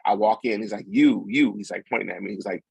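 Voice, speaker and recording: A man in his forties tells his story in a gravelly, husky low voice, close and dry. He acts out the nurses, the doctor and his friend with easygoing street slang. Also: racing, no room sound. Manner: animated, acts out quotes with slang. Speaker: podcast guest. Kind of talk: casual storytelling.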